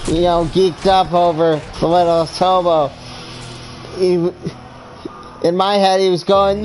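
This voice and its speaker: A podcast co-host in casual chat who speaks haltingly, with repeated false starts. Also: mid-range voice, little pitch movement, a little mellow, faint music behind, low-quality recording.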